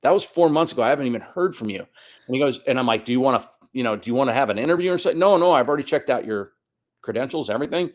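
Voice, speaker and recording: A man's voice: mid-range voice, expressive, very fast. A man in his fifties telling a long personal story as a guest on a podcast, acting out the voices of the people he quotes. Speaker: guest soccer coach. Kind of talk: casual storytelling interview.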